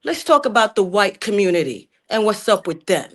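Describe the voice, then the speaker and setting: A woman's voice: mid-range voice, sing-song, fairly quick, a bit bright. A middle-aged woman from Jamaica calling in to a talk stream, arguing emphatically and indignantly, repeatedly calling the host sir. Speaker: caller. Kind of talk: heated call-in debate.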